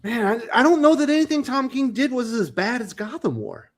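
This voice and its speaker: A man's voice: very high-pitched, sing-song, a little fast. A man hosting a casual podcast chat, blunt and opinionated, who swears freely. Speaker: podcast host.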